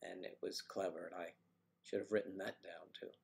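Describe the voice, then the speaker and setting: Low gravelly-voiced American man chatting. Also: little pitch movement, brisk, darkish tone. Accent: mid-Atlantic American. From mid-Atlantic United States. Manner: rambling, playful, tries out accents. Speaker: livestream host. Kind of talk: casual livestream chat.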